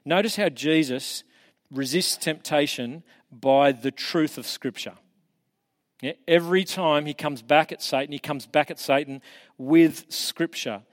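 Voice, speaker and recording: A man's voice: a little high, a little slow. Earnest man preaching. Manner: earnest, conversational, encouraging. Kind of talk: casual teaching talk.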